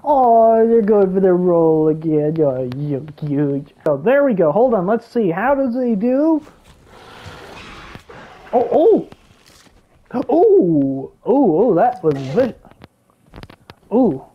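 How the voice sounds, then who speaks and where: A woman giving excitable gameplay commentary, gasping and exclaiming as she reacts. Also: mid-range voice, takes it slowly, long pauses, highs cut off. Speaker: gaming YouTuber.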